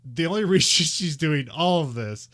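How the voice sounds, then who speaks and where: Laughing, lively-voiced man recapping a film. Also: on the high side, moderate pace. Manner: laughs often while retelling scenes in mock voices. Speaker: podcast co-host. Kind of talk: casual movie recap chat.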